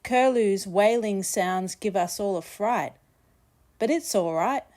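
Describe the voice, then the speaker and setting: Slow woman reading a storybook. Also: medium pitch, darkish tone. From Australia. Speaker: children's book author. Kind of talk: reading a children's story aloud.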